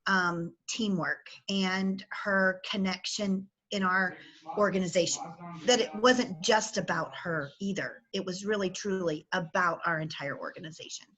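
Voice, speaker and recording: A woman tells an earnest story on a group video call. Her voice is bright and sharp. She sounds a little emotional as she speaks. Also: medium pitch, a little slow, low-quality recording. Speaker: team leader sharing praise.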